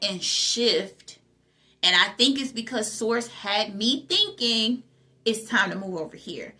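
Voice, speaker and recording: A woman's voice: fairly high pitch, pushed and bright. A young adult woman, host of her own channel, giving an emphatic motivational talk about spiritual growth, repeating phrases and asking rhetorical questions.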